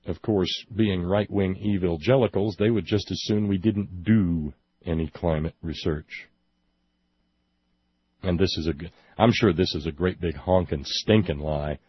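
A man's voice: low voice, measured pace, slightly rough, no room sound, dull audio. A man delivering a sarcastic commentary monologue, mocking and indignant in turns, with hesitant restarts as he reads from a report. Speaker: political commentary host.

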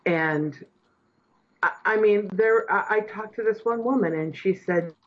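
A woman's voice: mid-range voice, a little slow. A woman hosts political talk radio, speaking with earnest, impassioned conviction. Her points build toward emphatic declarations. The sound is slightly dull and muffled. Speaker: radio host.

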